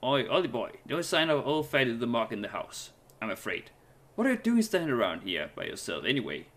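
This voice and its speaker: A man voicing a cheeky male fairy sidekick, talking in a lower, gruff and scolding way. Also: very animated, fairly quick, fairly bright tone, slight background noise.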